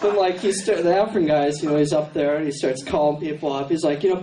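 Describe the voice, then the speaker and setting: Young male stand-up, halting ramble, high voice, distant in an echoey hall. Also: steady tone, warm tone. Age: young adult. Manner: rambling, halting storytelling with many fillers. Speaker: stand-up comedian. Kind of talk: stand-up routine. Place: university contest stage, live audience. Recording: echoey hall, distant camera, crowd, noise.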